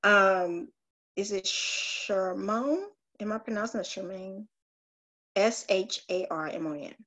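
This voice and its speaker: A woman's voice: medium pitch, moderate pace, fairly bright tone. A woman earnestly sharing a personal spiritual story on a group call, confessional and searching, with frequent restarts.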